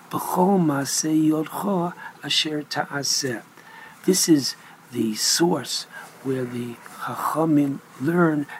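A man giving a Torah lecture as a rabbi, speaking deliberately and with emphasis, mixing in Hebrew terms. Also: a little high, slight background noise, poor audio.

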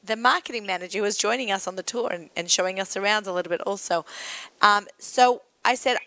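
A woman's voice: medium pitch, fairly quick, pushed and bright, no echo. A woman hosting an interview, chatting casually and enthusiastically with her guest. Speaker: podcast host.

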